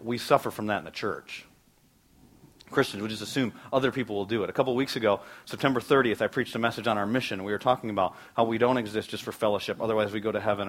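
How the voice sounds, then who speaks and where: A male pastor preaching in a conversational way, his pitch sitting in the middle of the range for a man. He speaks from the pulpit of a church and drops into quoted voices to act out his stories. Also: a bit bright. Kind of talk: sermon.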